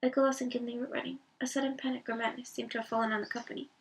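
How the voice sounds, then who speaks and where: A woman reading a bedtime story aloud in a calm, unhurried way. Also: fairly high pitch, breathy edge. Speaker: reader. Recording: voice from a distance.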